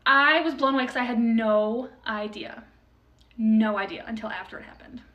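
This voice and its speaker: A woman's voice: fairly high pitch, normal speed, dull audio, a little hiss or hum. Chatty young woman, slightly distant mic. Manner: chatty, many fillers like "like" and "um". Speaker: storyteller sharing a testimony. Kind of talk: casual personal testimony video.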